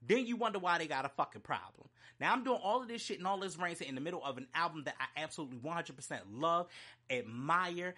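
A man with a raised, forceful and tense voice rants about music with heated emphasis. He swears freely and hammers each point home in an unscripted, emotional review. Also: fairly high pitch. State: choked up.

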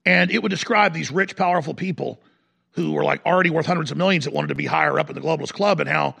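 On his broadcast, this talk radio host speaks fast and rants forcefully, lurching from shouts down to low growls. His voice carries vocal fry and a slight roughness.

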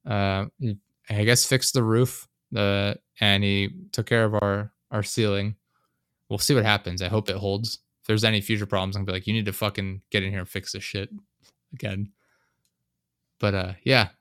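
Low-voiced man ranting casually. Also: little pitch movement, moderate pace, fairly bright tone, clean tone, dry recording, clean studio sound. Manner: profane, ranting storyteller. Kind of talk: casual chat.

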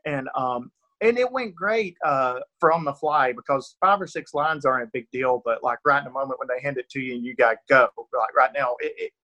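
A man from Northeast Georgia speaks with a rural Georgia accent. He answers questions in a chatty, self-deprecating way, often restarting his sentences and breaking into laughs. His voice sits at a middle pitch. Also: brisk, bright, forceful tone, muffled recording. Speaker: actor guest. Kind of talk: casual interview answers.

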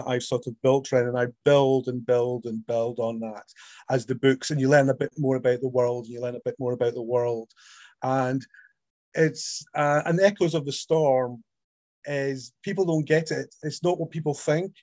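A man's voice: medium pitch, dry recording. A middle-aged man from Scotland with a Scottish accent, an author chatting animatedly in an interview. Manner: animated storyteller, acts out quoted voices. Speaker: author guest. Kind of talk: casual interview chat.

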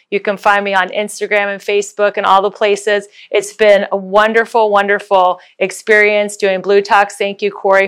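Woman doing a pep talk, smooth clear voice, acts out what people said. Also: mid-range voice. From United States. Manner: animated, acts out voices in her story. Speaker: speaker giving a motivational talk. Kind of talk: motivational storytelling talk.

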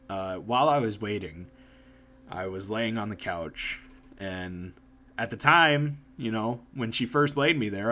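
A man's voice: mid-range voice, a bit bright. A man casually telling a self-mocking story from his childhood, swearing now and then. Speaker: podcast host.

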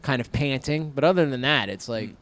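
A man's voice: mid-range voice, brisk, a little hiss or hum. A man co-hosting a comedy podcast, riffing casually with half-finished phrases. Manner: riffing, trails off, jumps between loud and quiet. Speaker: podcast co-host, stand-up comic.

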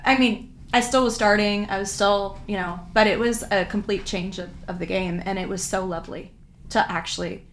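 A woman, a former pro soccer player, telling lively anecdotes in a casual chat and acting out what people said. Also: mid-range voice, moderate pace, slight background noise. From Vancouver area, Washington, US. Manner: lively anecdotes, acts out quotes, laughs often.

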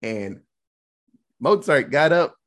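A podcast host giving a casual, profane movie review, telling scenes in an animated way. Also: medium pitch, takes it slowly.

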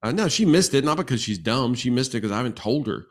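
A man in his sixties, a guest on a relationship podcast, telling stories in an animated way and acting out the quoted exchanges. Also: mid-range voice, fast talker. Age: 60s. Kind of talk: casual podcast conversation.

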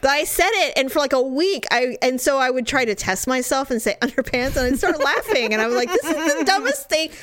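A woman in casual chat with her sister, opinionated and quick to laugh. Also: high-pitched, dry recording. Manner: animated, opinionated, laughs often. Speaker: sister of the other speaker.

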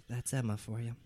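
A man voicing a dim, self-important rich heiress who sighs and speaks slowly. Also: medium pitch, very noisy, pitched below the performer's own voice, lightly acted. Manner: sighing, self-important, slow.

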